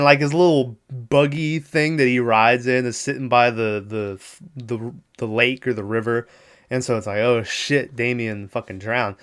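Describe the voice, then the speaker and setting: Profane, laid-back man with a smooth voice. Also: mid-range voice, fairly bright tone. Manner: loose, profane, laughs often, lots of fillers. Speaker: podcast host. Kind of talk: casual solo movie recap.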